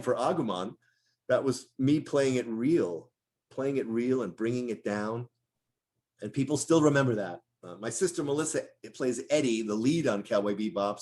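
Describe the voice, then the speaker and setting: A middle-aged man, a voice actor, telling stories in a casual interview and slipping into character voices. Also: mid-range voice. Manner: animated storyteller who drops into character voices.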